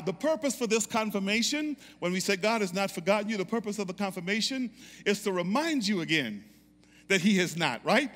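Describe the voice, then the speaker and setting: Guy preaching, high bright voice, fired up call and response, long churchy reverb. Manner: fervent call-and-response preaching, repeats phrases. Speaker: pastor. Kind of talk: sermon.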